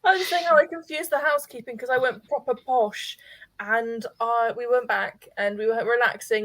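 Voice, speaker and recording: Give me a bright-voiced woman from England, animated and laughing through a story. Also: fairly high pitch, a little fast. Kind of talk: casual group chat.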